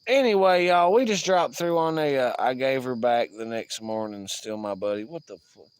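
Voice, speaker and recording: A man's voice: medium pitch, normal speed, clean tone. A man hosting a casual livestream, talking in a profane, rambling, joking way. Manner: drawling, profane, rambling, jokey sign-off. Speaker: livestream host. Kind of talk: casual outdoor livestream chat.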